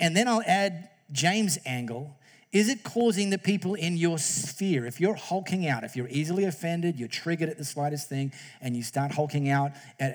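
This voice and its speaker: Man, preacher, fairly high voice, chatty joking sermon, church. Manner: conversational and jokey, acting out quoted voices. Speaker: pastor.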